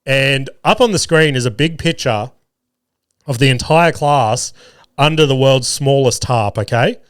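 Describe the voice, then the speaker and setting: A man's voice: mid-range voice, measured pace, a bit bright, clean tone, dry recording. Man, thirties, casual solo podcast, swears freely, dead dry sound. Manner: swears a lot, laughs, rambling anecdotes. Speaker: podcast host.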